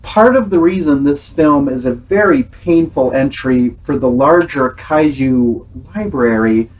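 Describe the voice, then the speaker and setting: A man's voice: mid-range voice, measured pace, darkish tone, poor audio. A man hosting a casual film review, earnest and exasperated in his critique. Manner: earnest, exasperated critique, sometimes imitates sounds.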